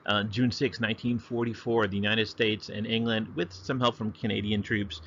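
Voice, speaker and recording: Guy teacher w a lowish voice, chatty history lesson, kinda dull lo-fi sound. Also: moderate pace, a little hiss or hum. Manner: relaxed, chatty, with fillers and apologies. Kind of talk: casual home lesson.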